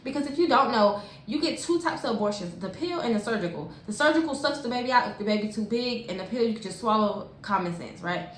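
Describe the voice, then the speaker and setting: A young woman telling a personal story in a casual, animated way, using lots of slang and talking straight to her viewers. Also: on the high side, fast, hardly any pauses. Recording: echoey room with faint hiss.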